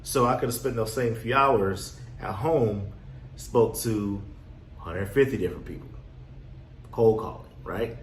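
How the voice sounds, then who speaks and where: A man coaching on real estate wholesaling in a casual motivational talk, acting out his own past with lively energy. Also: lowish voice, a little slow. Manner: animated storyteller, acts out his younger self. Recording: echoey room, faint background noise.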